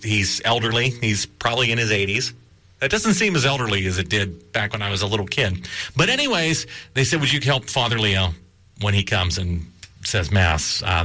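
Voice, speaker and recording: A man's voice: on the low side, bright, forceful tone. A middle-aged man, hosting a casual radio show while getting over a cold, telling stories in a rambling, self-deprecating way. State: recovering from a cold.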